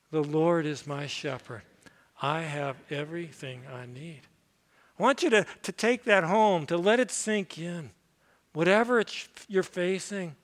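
A man's voice: sits high, a bit bright. A man preaching a sermon as pastor, earnest and personal, with repeated lines that invite the congregation to say them with him.

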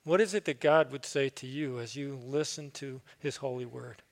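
A man's voice: medium pitch, moderate pace, few pauses, in a large hall. A man speaking as a pastor, giving a sermon in an earnest, conversational way with easy asides.

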